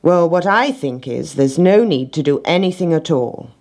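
A woman's voice: low-pitched, animated, normal speed, darkish tone. A dim lazy old dog, as a woman puts him on. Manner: drawling, lazy. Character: lazy slow-witted male dog.

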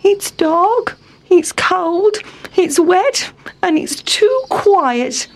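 A woman's voice: very high voice, lively intonation, extremely slow, voice pushed up, heavily acted. A woman voicing a fussy, complaining male town mouse in a children's story, whiny and plaintive. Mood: whining.

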